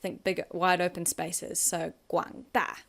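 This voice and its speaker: A woman's voice: on the low side, level tone, slow, creaky. A woman teaching a vocabulary lesson, patiently explaining each word and modelling the tones. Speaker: Chinese language teacher.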